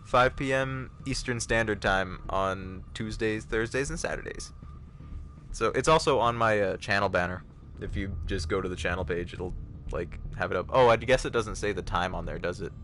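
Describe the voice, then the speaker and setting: A man's voice: fairly low pitch, moderate pace, fairly bright tone, a little hiss or hum. A man chatting casually with viewers while streaming a game, self-mocking and reading chat aloud. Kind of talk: casual live-stream commentary while gaming.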